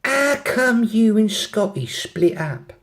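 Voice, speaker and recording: A man putting on a shrill London girl. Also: big pitch swings, slow pace, fairly bright tone, full character voice. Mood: nosy. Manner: high, shrill, nosy and gossipy. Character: brash young London woman tourist, loud and chatty.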